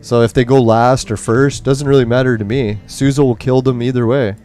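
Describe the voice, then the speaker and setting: A man's voice: mid-range voice, steady tone, fairly quick, dark tone, faint music behind. A man commentating on a mobile game as he plays, ranting angrily and swearing nonstop while in nicotine withdrawal. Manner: angry swearing rant. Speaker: gaming streamer.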